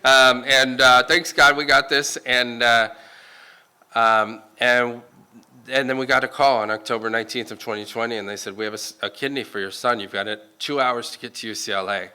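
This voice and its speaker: A middle-aged man telling his personal recovery story to a meeting room, halting and full of restarts, breaking into self-mocking laughs. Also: medium pitch, steady tone, sharp tone, clear, resonant tone.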